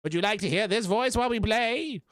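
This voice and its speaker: A man's voice: high-pitched, fairly quick, a bit bright, no echo, pitched above the performer's own voice. Man putting on a chipper old salesman. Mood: folksy. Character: chipper old male salesman, folksy informational guy.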